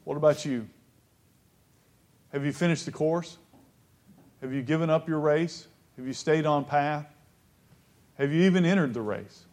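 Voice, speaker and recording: A man preaching a Bible lesson who reads verses aloud, stresses key phrases slowly and asks his listeners questions. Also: on the high side, darkish tone.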